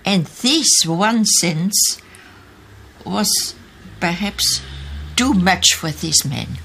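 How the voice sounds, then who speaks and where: Older woman, halting archive testimony in English; slow, low-pitched. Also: lively intonation, vocal fry, a bit bright, slight background noise. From Austria. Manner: halting, searching for English words. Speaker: interviewee, eyewitness. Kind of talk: recalled testimony in an archive interview.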